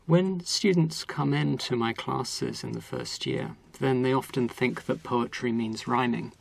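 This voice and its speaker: A man who teaches English literature at a university, explaining things in a measured, lecturing way during an interview. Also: medium pitch, gravelly. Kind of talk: interview conversation.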